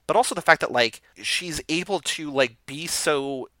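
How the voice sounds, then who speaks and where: A man co-hosting a casual movie review chat, rambling with lots of "like" and quick asides. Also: on the high side, bright, forceful tone, no echo. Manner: fast, rambling, heavy use of "like". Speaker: podcast co-host.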